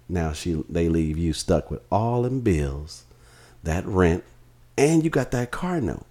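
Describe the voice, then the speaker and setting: A man's voice: very animated, slow pace. A man in casual chat, teasing and swearing freely. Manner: loud teasing, swearing freely, jumps to high exclaims.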